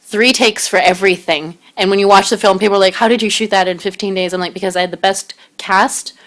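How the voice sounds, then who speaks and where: A woman filmmaker chatting as an interview guest, fast and excitable, laughing often. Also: mid-range voice. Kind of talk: casual interview chat.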